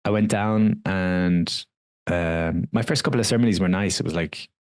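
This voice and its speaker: Deep-voiced man telling a candid story. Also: normal speed, smooth, no echo. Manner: candid storytelling with frequent fillers and laughs. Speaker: wellness coach guest. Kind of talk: casual podcast conversation.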